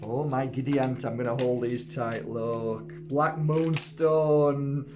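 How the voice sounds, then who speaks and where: A man showing off his crystals in a casual video, gushing with exclamations and squealing up high in delight. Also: level tone, moderate pace, music in the background. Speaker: crystal seller and workshop host. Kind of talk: casual show-and-tell video.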